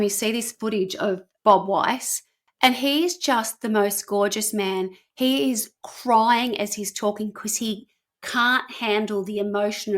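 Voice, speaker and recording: A woman co-hosting a podcast, earnestly retelling a documentary in casual chat, speeding up for asides and slowing down for emphasis. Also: a little high. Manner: earnest, shifting between quick asides and slow emphasis. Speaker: podcast co-host.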